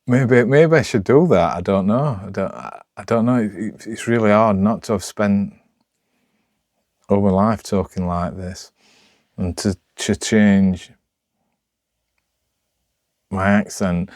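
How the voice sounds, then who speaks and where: A man with a Sheffield accent talking unscripted to camera, rambling and halting with lots of restarts, in a rough, broad way of speaking. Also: fairly low pitch, darkish tone, no echo, clean studio sound. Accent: Sheffield, Yorkshire. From Sheffield, England. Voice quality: rough, broad local speech. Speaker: vlogger.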